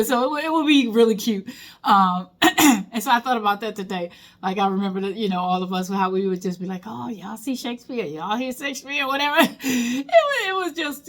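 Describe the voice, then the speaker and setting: A woman's voice: mid-range voice, a bit bright. A woman in her fifties, a longtime teacher, musing aloud in a casual monologue, chatty and folksy, breaking into laughter often. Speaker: teacher and vlogger.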